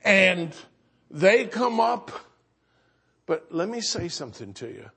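A man preaching a story-driven sermon, with a high, breathy, husky voice. He takes his time, drawing out his words. He moves from loud exclamations down to hushed earnestness. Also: big pitch swings, takes it slowly. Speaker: pastor.

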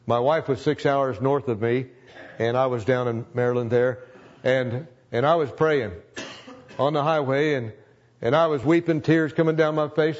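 A man's voice: medium pitch, fairly even intonation, moderate pace, highs cut off. A man in his seventies, a longtime pastor, telling a personal testimony with earnest emotion and repeating phrases for emphasis.

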